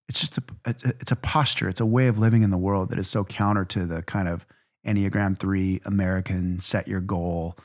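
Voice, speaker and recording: Guy in his 40s, lowish voice, earnest storyteller on a faith podcast. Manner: earnest, storytelling, lists phrases in rhythm. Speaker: podcast co-host. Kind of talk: reflective faith conversation.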